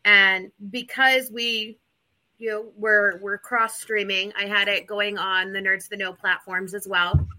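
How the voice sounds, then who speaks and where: A woman's voice: medium pitch, flat delivery, unhurried, bright, forceful tone. A woman co-hosting a casual podcast, chatty and rambling with plenty of fillers. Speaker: podcast co-host. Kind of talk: casual chat.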